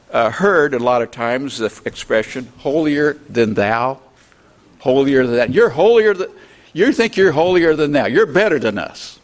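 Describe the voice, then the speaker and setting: Older man teaching from the Bible. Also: mid-range voice. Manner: unhurried, reads scripture aloud, spells out words. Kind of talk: informal Bible lesson.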